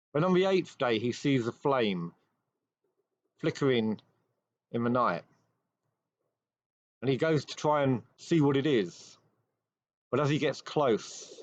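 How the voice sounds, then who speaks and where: A man hosting a show, retelling an old ghost story with measured pacing and dramatic pauses. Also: mid-range voice. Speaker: host. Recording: dry, slightly dull recording.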